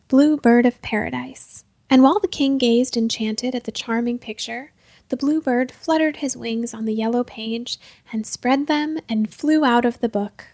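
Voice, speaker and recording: A woman reads a storybook aloud with gentle, measured pacing. Her voice is fairly high, and the recording is dry with no room echo.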